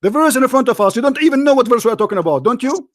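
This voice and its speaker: High-voiced combative man, dry sound. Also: animated, racing, no room sound. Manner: combative, mocking, repeats phrases insistently. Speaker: host of a call-in debate show. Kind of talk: heated call-in debate.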